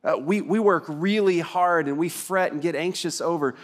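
A man's voice: fairly high pitch, normal speed, few pauses. A man pastor from Texas preaching a livestreamed sermon in an earnest, conversational way, asking the congregation questions. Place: church, livestream service.

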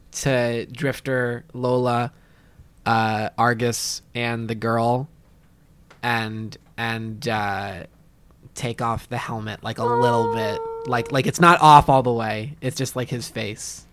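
A man playing a tabletop game, describing his character's moves with a hesitant, halting manner. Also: mid-range voice, fairly even intonation, a bit bright. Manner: slow, hesitant, many fillers. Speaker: player.

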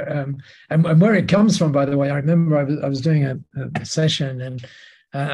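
A man as a podcast guest telling lively anecdotes in a casual interview, with many restarts. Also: a little high, gravelly, husky.

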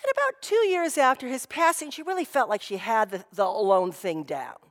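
A woman's voice: fairly high pitch, lively intonation, fairly quick. A woman pastor giving a sermon in a conversational storytelling way, often saying "you know". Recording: long reverb of a hall.

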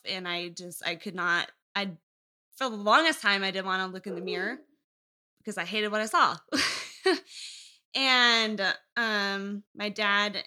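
A woman's voice: medium pitch, sharp tone. A young woman guest on a casual podcast interview, telling her story candidly in a rambling way and laughing often.

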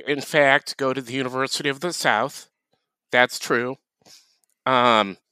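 Slow, deadpan man with a bright voice. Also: medium pitch, clean tone, dry recording. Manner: deadpan, dry humor. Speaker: podcast co-host. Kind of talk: casual podcast chat.

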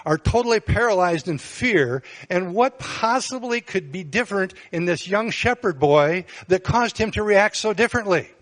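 Man, pastor, sermon, earnest, slightly high voice. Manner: earnest, rises in pitch and volume for emphasis.

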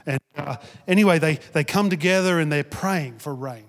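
Man, pastor preaching, passionate, loud then hushed, higher voice, long hall reverb. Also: moderate pace. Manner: impassioned, swinging from loud urging to hushed storytelling. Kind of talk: sermon.

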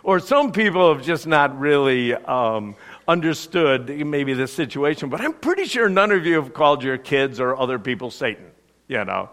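A man preaching a sermon, telling the story and acting out the quotes with lively energy. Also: mid-range voice, normal speed. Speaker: pastor.

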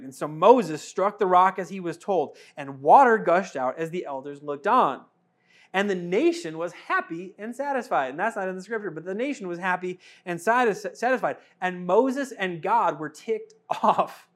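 Male pastor with a high voice, conversational, animated sermon delivery. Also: moderate pace. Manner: conversational, animated, rhetorical questions.

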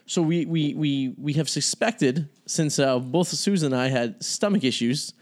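A man's voice: fairly high pitch, a little slow, a little mellow. A man hosting a podcast, telling a rambling story in casual chat and swearing freely. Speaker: podcast host.

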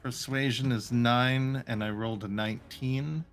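A man playing a tabletop game, talking in a low-key, somewhat hesitant way. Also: fairly even intonation, measured pace. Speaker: player.

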